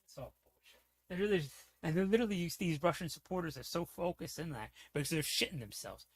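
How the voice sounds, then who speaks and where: A man's voice: fairly high pitch, lively intonation, quick pace, breathy edge. A man streaming, ranting in a heated, profane, rambling way, often asking "you know what I'm saying". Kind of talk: casual livestream rant.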